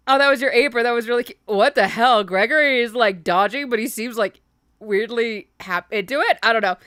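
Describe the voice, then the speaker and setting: A woman's voice: fairly high pitch, fairly quick, a bit bright, dry recording. A woman hosting a game let's play, chatting casually with profane, giggly, rambling asides. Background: game music.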